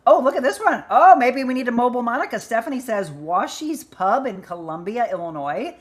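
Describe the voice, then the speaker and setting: A woman's voice: fairly high pitch, lively intonation, fairly quick. Chatty upbeat woman hosting a livestream. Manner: upbeat and chatty, reading out names. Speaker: livestream host. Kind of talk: live chat show reading viewer comments.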